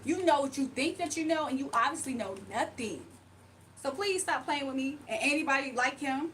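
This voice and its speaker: A woman's voice: high-pitched, lively intonation, a little fast, a bit bright, far from the mic, slight background noise, low-quality recording. A woman livestreaming a card reading, ranting bluntly to her chat with repetitive rhetorical questions. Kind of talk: heated livestream rant to chat.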